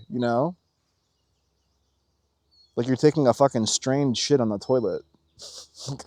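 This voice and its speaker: A man hosting a casual spiritual monologue, rambling and swearing, acting out quotes in animated voices. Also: mid-range voice, measured pace, long pauses, dry recording, clean studio sound. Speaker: spiritual video host.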